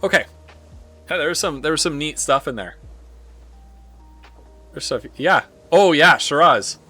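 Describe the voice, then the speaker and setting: A Canadian man talks his way through a strategy game on a live stream, taking his time and stopping often on little fillers as he thinks aloud. His voice has a bright, forward edge, and soft music plays underneath. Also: on the high side, expressive, breathy edge. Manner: rambling, thinking aloud with frequent filler pauses. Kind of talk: casual live game commentary.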